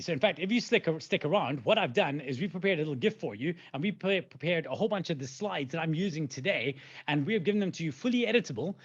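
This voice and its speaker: A man in his forties gives an animated webinar talk, tossing out rhetorical questions and playful sound effects. His voice sits high, and the call audio comes through slightly dull and lo-fi. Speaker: presenter.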